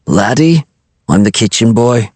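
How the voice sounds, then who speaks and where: A man reading aloud and voicing a resentful young kitchen boy who speaks in a flat, annoyed, deadpan way. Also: mid-range voice, a little slow, husky, no room sound.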